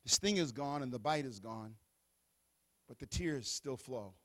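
A man preaching a sermon who tells the scripture story in an animated, playful way. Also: mid-range voice, unhurried.

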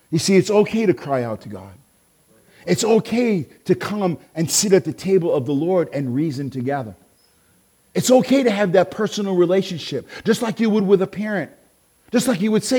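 A male pastor delivering a passionate sermon in a notably high voice. He builds to loud, stretched-out shouts, then falls to a low, quiet intensity. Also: lively intonation, a little fast.

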